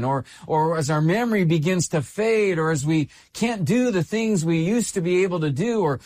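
A male pastor delivering a sermon with a slightly raised voice and a very lively pitch that swoops up and down. He leans on emphatic repetition to drive each point home. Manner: expressive preaching with emphatic repetition.

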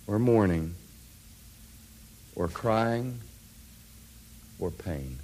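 A middle-aged man preaching a sermon, dropping to hushed near-whispers and rising to loud, ringing peaks. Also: on the low side, animated, normal speed.

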